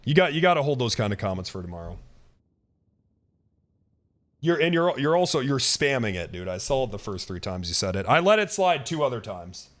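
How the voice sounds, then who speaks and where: Heated swearing man, lively voice. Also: medium pitch, fairly quick. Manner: heated, profane, repeating himself. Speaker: streamer. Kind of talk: live-stream rant to chat.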